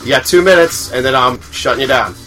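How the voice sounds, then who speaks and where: A man hosts a casual chat, joking and quick to laugh. His voice is bright, and faint music plays underneath. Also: mid-range voice. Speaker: host.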